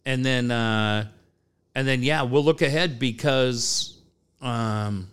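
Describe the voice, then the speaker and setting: A man's voice: mid-range voice, slow pace, fairly bright tone, clear, resonant tone. A man co-hosting a radio show, telling stories casually and swearing freely while doing sponsor reads. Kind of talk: casual chat with live reads.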